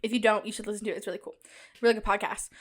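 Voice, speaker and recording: A young woman in college hosting a casual solo podcast, talking chattily and animatedly straight to her listeners, with a loud cackling laugh. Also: mid-range voice, little pitch movement, very fast. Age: young adult. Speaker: podcast host.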